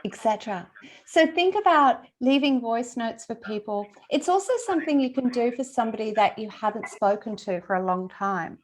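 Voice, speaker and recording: A woman's voice: fairly high pitch, slight background noise. A woman teaching a webinar over a video call, in a chatty, conversational way that checks in with attendees by name. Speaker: LinkedIn trainer presenting a webinar. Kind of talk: casual, chatty workshop teaching.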